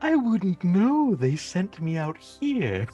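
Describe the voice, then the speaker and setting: A man playing an adventurer who awkwardly copies a whale's high, slow, sing-song voice. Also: wildly swooping pitch, mellow, breathy edge, highs cut off, faint music behind, heavily acted. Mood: mimicking. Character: character copying the whale's voice, awkward and earnest.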